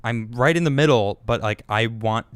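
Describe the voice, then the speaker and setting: A man in the middle of the pitch range hosts a casual live show, chatting and reacting to viewer comments. His voice is smooth and resonant, he talks haltingly with lots of restarts, and the sound is close and dry. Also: no room sound. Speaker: host.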